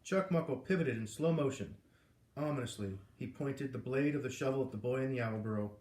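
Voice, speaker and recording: Man reading a storybook aloud. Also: medium pitch. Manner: even, measured storytelling. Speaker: reader. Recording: roomy echo.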